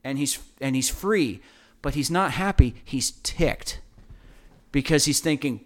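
A man's voice: on the high side, animated, unhurried. A man, a guest on a talk show, passionately telling a testimony story, repeating words as he goes.

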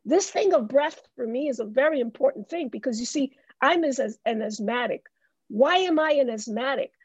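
A woman from the Bronx, speaking as a guest in an interview with a preaching cadence, slowing into emphatic drawn-out phrases. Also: high-pitched, expressive, darkish tone, husky, no room sound. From the Bronx, New York. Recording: dull lo-fi dry sound.

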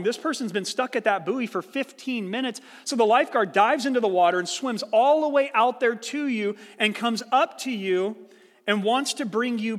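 A man with a high, light voice preaches a sermon, telling a story and voicing its people before explaining the point with earnest care. The sound carries a long reverb, as in a large hall. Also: a bit bright. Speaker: pastor.

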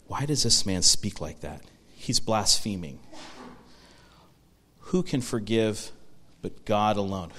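A man of middle pitch gives a sermon in a relaxed, conversational manner, posing questions to his listeners and restarting sentences as he goes. His voice carries a long reverb from a large hall. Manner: conversational preaching, frequent restarts and rhetorical questions. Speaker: pastor.

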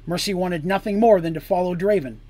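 A man with a somewhat high voice reads a dark fantasy story aloud. His dramatic delivery sinks low and quiet on grim moments and rises louder when the action builds. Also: brisk. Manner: expressive reading that drops low and quiet on grim lines and rises loud on tense ones.

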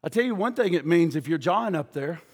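A middle-aged male pastor preaching a sermon, impassioned, swinging between shouting and hushed tones. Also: a little high, expressive, fairly quick, breathy edge. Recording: long hall reverb.

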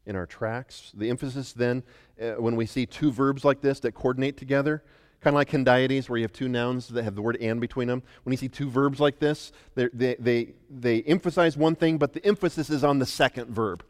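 Middle-aged American pastor, emphatic sermon delivery, mid-pitched voice, heard with a long echo in a church hall. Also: male voice, a little fast. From United States. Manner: emphatic preaching, swings from soft to loud. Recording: long reverb of a large hall.

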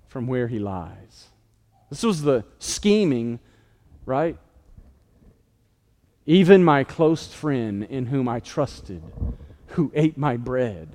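A man preaching a sermon. He swells in emphasis, then drops quiet, and adds casual asides. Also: mid-range voice, big pitch swings, slow pace, long pauses. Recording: long hall reverb.

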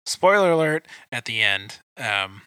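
A man hosting a casual movie review chat, talking in quick asides with lots of fillers. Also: mid-range voice, very animated, bright, forceful tone, clear, resonant tone, no echo. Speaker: podcast host.

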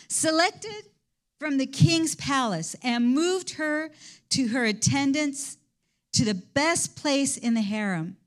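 Woman preacher, higher voice, casual animated storyteller in a sermon.

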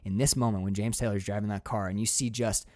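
A man hosting a casual chat about a film, excitable and swearing freely as he acts out scenes. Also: fairly low pitch, quick pace, no room sound.

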